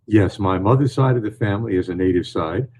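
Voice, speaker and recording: An older man from northern New York, a storyteller answering interview questions in a calm, measured way. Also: lowish voice, a little hiss or hum, poor audio. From northern New York, USA. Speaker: storyteller and author, guest. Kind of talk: podcast interview.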